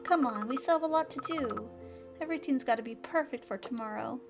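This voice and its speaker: A woman's voice: high-pitched, fairly quick, vocal fry. A woman reading a bubbly young baker witch. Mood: cheerful. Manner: bubbly, eager. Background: game music.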